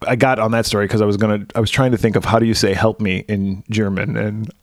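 A man's voice: lowish voice, little pitch movement, fast talker, no echo, clean studio sound. A man co-hosting a podcast, casually recapping a film and acting out its characters in jokey voices. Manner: jokey, acts out film characters, laughs a lot. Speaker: podcast co-host. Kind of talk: casual chat.

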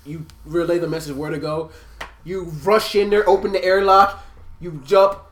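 A man narrating a tabletop game as game master, animated and quick to laugh. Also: high-pitched, echoey room, very noisy. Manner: animated, laughing, does voices.

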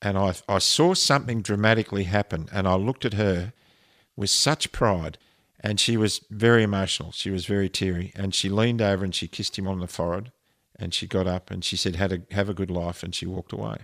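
A man with a very low, deep voice tells a deeply personal story, earnest and emotional, often restarting his sentences. The sound is dry and close, with no room around him. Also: fairly quick, a bit bright, dry recording. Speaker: interview guest. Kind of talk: personal story told in conversation.

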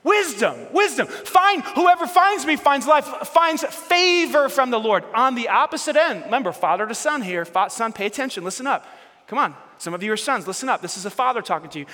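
A man's voice: extremely high pitch, expressive, fairly quick, pushed and bright. A pastor preaching a sermon, emphatic and repetitive, calling on his congregation to join in. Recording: long hall reverb.

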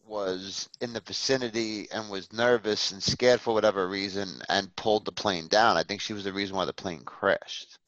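A man's voice: on the low side, fairly even intonation, normal speed, few pauses, a bit bright, dull audio. A man co-hosting a casual TV show discussion, talking in a sarcastic, blunt way.

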